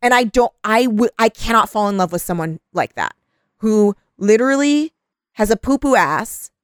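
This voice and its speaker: A young woman co-hosting a podcast in casual chat, animated, swearing often and laughing a lot. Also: fairly high pitch, normal speed, no echo, clean studio sound. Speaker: podcast co-host.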